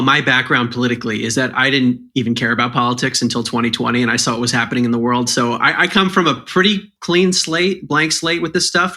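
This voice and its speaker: A man appearing as an author guest on a podcast, explaining his points in a measured, step-by-step way. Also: medium pitch, bright, forceful tone.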